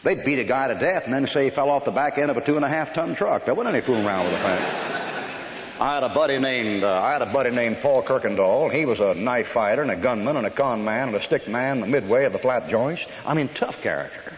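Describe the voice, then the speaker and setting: A man's voice: mid-range voice, fast, highs cut off, slight background noise. Older man preaching, echoey old hall recording. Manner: folksy storytelling with rough army anecdotes; blunt, scolding, emphatic. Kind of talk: sermon. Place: church hall.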